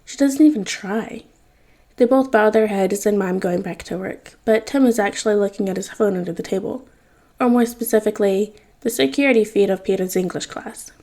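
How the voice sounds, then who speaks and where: A woman reading a fanfiction audiobook in an even, wry narrating manner. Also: medium pitch, fairly quick. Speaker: podfic reader.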